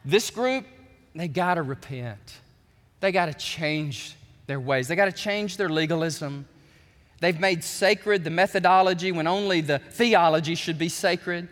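A middle-aged man preaching a sermon in a church, folksy and animated, acting out the voices he quotes. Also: a little high. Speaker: pastor. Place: church sanctuary. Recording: long hall reverb.

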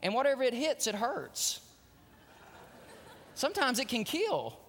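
A male pastor preaching, animated as he tells a story and hushed when he turns solemn. His voice is high and bright. The long reverb of a large hall surrounds it. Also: measured pace. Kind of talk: sermon with storytelling.

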